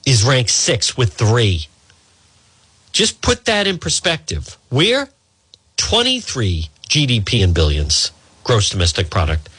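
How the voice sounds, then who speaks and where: A radio host hammers home his point with combative rhetorical questions, his voice rising and falling. He talks slowly and deliberately, with a bright, slightly husky tone. The sound is close and dry. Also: medium pitch, dry recording. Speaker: radio talk show host. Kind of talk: talk radio monologue.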